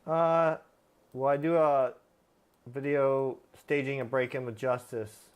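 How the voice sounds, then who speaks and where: A man's voice: mid-range voice, fairly even intonation, takes it slowly, clean tone. A man hosting a live stream, answering viewer questions about dogs in a plain-spoken, casual way with frequent fillers. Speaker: livestream host, dog trainer.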